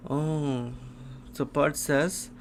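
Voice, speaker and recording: A man reacting live to a comic chapter, reading it aloud with gasps and sudden exclamations as he thinks out loud. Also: fairly high pitch, fairly even intonation, very slow, slight background noise. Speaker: manga reaction host.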